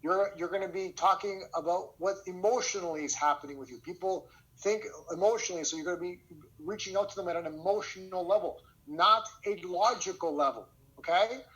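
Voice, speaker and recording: Male sales coach on a video call, slightly high voice, energetic storytelling delivery. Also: brisk, poor audio. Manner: energetic storytelling, frequent "okay?" check-ins. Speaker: sales trainer. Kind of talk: online training lesson.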